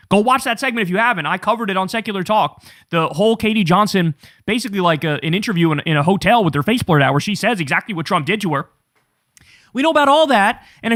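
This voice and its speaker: A man's voice: high voice, fairly bright tone, no room sound, clean studio sound. A man hosting an online political commentary show, blunt and sarcastic.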